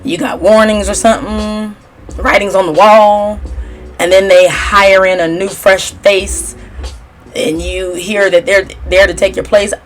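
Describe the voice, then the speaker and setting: A woman's voice: medium pitch, steady tone, unhurried, faint music behind. A woman giving a casual, sassy gossip recap as a tarot reader, chatty and opinionated. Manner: chatty and sassy, mimics cast members in a raised voice.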